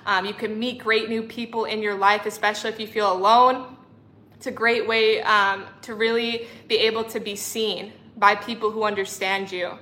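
Reading chat comments on her casual livestream, this young spiritual coach is warm and gushing, addressing viewers as sister and honey. She speaks at normal speed in a mid-range voice that sounds bright and forceful, with fairly even intonation.

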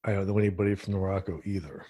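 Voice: low-pitched, rapid-fire, mellow. An interviewer asking a guest short, easygoing questions in a casual chat.

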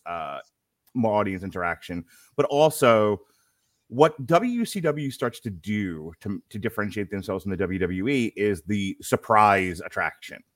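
A man with a Brooklyn accent co-hosting a podcast, telling stories in an animated, chatty way with quick asides. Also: fairly low pitch, dry recording, clean studio sound. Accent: Brooklyn, New York. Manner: animated storytelling, quick asides, frequent laughter. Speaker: podcast co-host. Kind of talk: casual chat.

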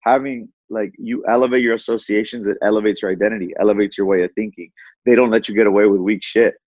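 A man telling his story as a podcast guest in a lively, fast way, often repeating words. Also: on the low side, no room sound. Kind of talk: casual storytelling. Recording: dull lo-fi audio.

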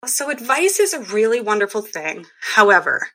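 Bright-voiced, enthusiastic woman explaining. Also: medium pitch, very animated, moderate pace. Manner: enthusiastic, explanatory, acts out quoted speech. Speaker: guest, women's group leader. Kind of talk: casual conversation.

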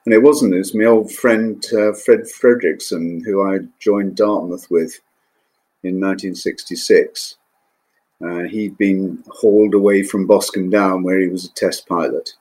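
Older man, halting measured recollection. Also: deep voice, steady tone, a little mellow. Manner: measured, hesitant with frequent ums. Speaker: former naval pilot. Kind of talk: interview recollection.

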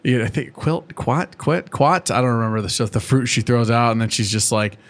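A man in his thirties co-hosting a casual, crude chat, retelling episodes with bursts of laughter and quick put-on voices. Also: mid-range voice. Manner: laughing, profane storytelling with quick voice impressions. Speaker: podcast co-host.

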